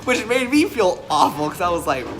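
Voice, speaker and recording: A young man casually telling a story on a vlog, animated, joking and swearing freely. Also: sits high, a little fast, over music. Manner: animated, profane, jokey.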